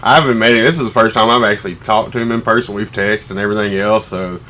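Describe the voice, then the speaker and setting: A man co-hosting a livestream, easygoing and quick to chuckle. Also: lowish voice, steady tone, sharp tone. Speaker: co-host. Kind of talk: casual livestream chat. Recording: noisy background.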